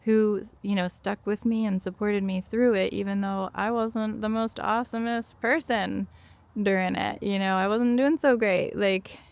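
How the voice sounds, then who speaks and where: A woman's voice: medium pitch, steady tone, measured pace, creaky, clear, resonant tone, no echo. A woman talking casually and earnestly to her audience, giving heartfelt parenting advice with many fillers. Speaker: channel host, parenting coach.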